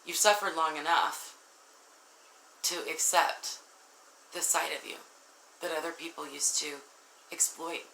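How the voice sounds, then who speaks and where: A woman's voice: low-pitched, fairly even intonation, a little slow, creaky, long pauses, reverberant, slight background noise, low-quality recording. A woman giving an earnest, emotional tarot reading and talking straight to her viewers. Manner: earnest, warm-hearted, addresses viewers directly, emotional. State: tearful at times. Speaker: tarot reader.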